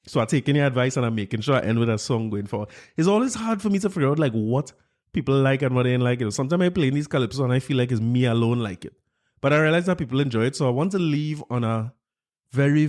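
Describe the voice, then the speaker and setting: Give me a podcast host, a man with a Trinidadian accent, speaking in an unremarkable middle register as he rambles through an animated story for his listeners. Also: medium pitch. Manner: animated storytelling with frequent laughs; conversational, addresses listeners directly. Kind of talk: casual podcast monologue.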